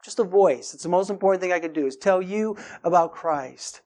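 A man's voice: sits high, a little fast, a little mellow. A man preaching with urgency and emphasis. He repeats key words, checks in with his listeners, and drives his points home as he goes. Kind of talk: sermon.

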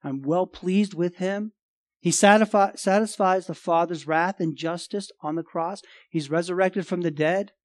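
A male pastor preaching a sermon, emphatic, swinging between loud and quiet and repeating phrases. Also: high-pitched, unhurried, no echo.

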